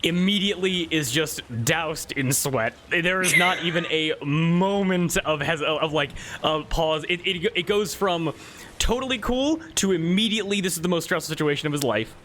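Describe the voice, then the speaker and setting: A man's voice: fairly high pitch, normal speed, a bit bright, a little hiss or hum. A man narrating a tabletop game as game master, rambling with many fillers.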